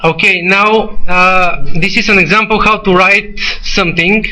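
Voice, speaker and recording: A man teaching a classroom of students, talking in a halting way with restarts and asides to the class. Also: high-pitched, steady tone, bright, forceful tone, rough recording. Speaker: teacher giving a presentation. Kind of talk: classroom lecture.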